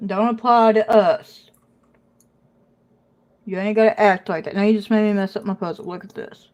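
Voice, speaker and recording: A woman's voice: mid-range voice, steady tone, normal speed, dull audio. Chatty woman streaming from home. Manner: chatty, scolds her dog between remarks to viewers. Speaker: puzzle live streamer. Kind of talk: casual livestream chat. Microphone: phone.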